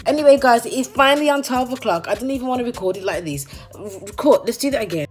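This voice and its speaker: A woman's voice: a little high, faint music behind. Chatty giggly young woman vlogging. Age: young adult. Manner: chatty and giggly, drawn-out exclamations. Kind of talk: casual vlog chat. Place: bedroom.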